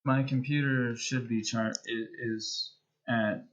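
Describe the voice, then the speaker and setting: A male streamer winds down a live stream in casual, rambling chat. He speaks at an unhurried, drawn-out pace and keeps circling back and restarting his sentences. His voice comes through a muffled, lo-fi recording. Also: medium pitch, fairly even intonation. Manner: rambling and hesitant, with many restarts.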